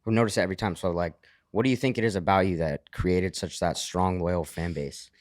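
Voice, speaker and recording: Low-voiced podcast host, dry and close. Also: male voice, brisk, dry recording. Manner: casual, profane, joking. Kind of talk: casual chat.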